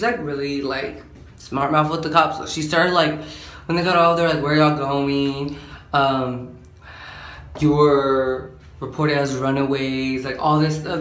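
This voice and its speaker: Telling a storytime for his vlog, an eighteen-year-old man rambles slangily and fills his talk with "like." His voice sits on the high side and sounds a bit bright. There's a roomy echo plus a faint hum in the background.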